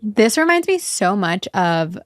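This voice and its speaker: A woman's voice: mid-range voice, sing-song, a little slow, dry recording, clean studio sound, faint music behind. A woman guest on a podcast who chats casually, often saying "like" as she tells a story. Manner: chatty, peppered with "like". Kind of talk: casual chat.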